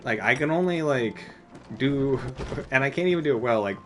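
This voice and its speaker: A man's voice: medium pitch, animated, normal speed, over music. A man streaming a video game, chatting casually in a rambling, self-deprecating way full of filler words. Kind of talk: casual gameplay commentary.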